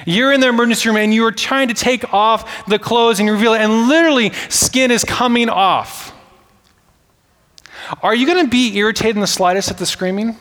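A man's voice: very high-pitched, brisk, fairly bright tone. A man in his thirties preaching a casual, joking sermon as pastor, full of fillers like "like" and "right?". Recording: hall reverb.

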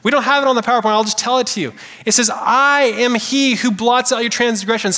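A man preaches to his congregation in a high, lively voice, talking casually and calling out questions to the room. His words ring out in a long hall reverb of a church sanctuary. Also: quick pace. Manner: animated, conversational preaching with audience call-outs. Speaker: pastor. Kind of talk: sermon.

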